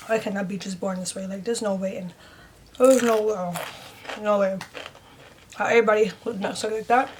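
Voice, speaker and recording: A woman's voice: mid-range voice, fairly even intonation, normal speed, long pauses, slight background noise. A woman vlogging a casual storytime to her viewers, chatty and emotional, full of "like" and calls of "y'all". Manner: chatty, heavy use of "like", addresses viewers as "y'all"; emotional, speaks openly and earnestly.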